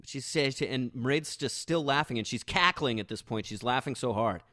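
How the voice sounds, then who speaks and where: A man's voice: mid-range voice, moderate pace, pushed and bright, dry recording, clean studio sound. A man hosting a podcast, telling an embarrassing story in a rambling, self-mocking way with many restarts. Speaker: podcast host. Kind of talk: casual storytelling monologue.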